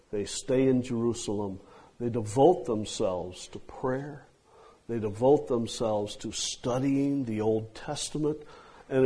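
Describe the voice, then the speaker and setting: Husky-voiced preacher man, slow and deliberate, leans hard on key words, long pauses between phrases. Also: mid-range voice, warm tone. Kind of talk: expository sermon.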